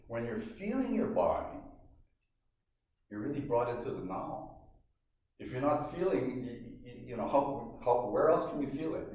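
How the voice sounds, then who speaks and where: A man's voice: lowish voice, a little mellow. Older man teaching in a roomy hall. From Hawaii. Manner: loose, rambling, full of "you know" and "okay?". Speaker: meditation and self-massage teacher. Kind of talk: guided instruction class. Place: meditation hall. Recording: distant mic, very roomy, dull lo-fi.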